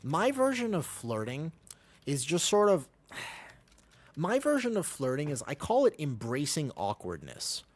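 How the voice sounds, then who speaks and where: Rambling, lively-voiced young man streaming. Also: fairly high pitch, unhurried. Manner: rambling, self-deprecating, chatty while giving game calls. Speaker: streamer playing a tank. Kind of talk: casual chat while gaming.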